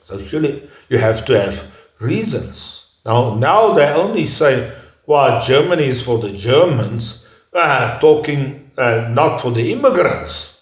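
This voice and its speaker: A man giving an unscripted lecture, talking haltingly with frequent pauses and restarts. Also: medium pitch, sing-song. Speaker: speaker giving a talk. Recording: echoey room.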